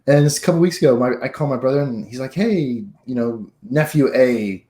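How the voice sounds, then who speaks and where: A man's voice: medium pitch, a little fast, warm tone. Laid-back storytelling man, roomy sound. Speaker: podcast co-host. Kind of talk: casual chat.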